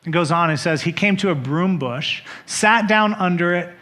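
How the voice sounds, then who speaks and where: Guy preaching in church, high bright voice, chatty and animated, does little voices for the quotes. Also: moderate pace, few pauses. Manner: animated, conversational storytelling with dramatic quoted voices. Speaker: pastor. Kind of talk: sermon. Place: church sanctuary.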